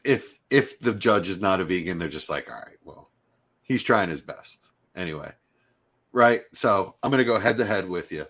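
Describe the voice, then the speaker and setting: Middle-aged male co-host, low voice, animated casual storyteller. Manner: animated storyteller, mimics accents in passing. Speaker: podcast co-host. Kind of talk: casual chat.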